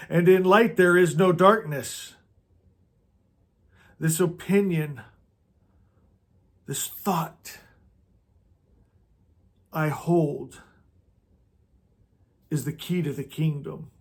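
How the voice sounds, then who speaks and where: Man, spiritual teacher, guided prayer, slow meditative delivery, higher voice, trails off softly. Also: steady tone.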